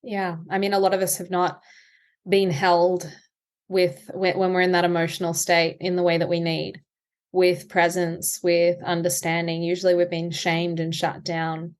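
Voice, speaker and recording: A woman anxiety coach, a podcast guest, explaining ideas in a calm, reflective way. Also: on the low side, normal speed. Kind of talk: conversational interview.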